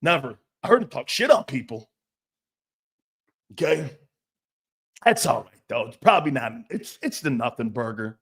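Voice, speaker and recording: A man's voice: mid-range voice, very animated, moderate pace, long pauses, fairly bright tone. A middle-aged man hosting an opinionated sports talk show, blunt and profane, now and then mocking others in put-on voices.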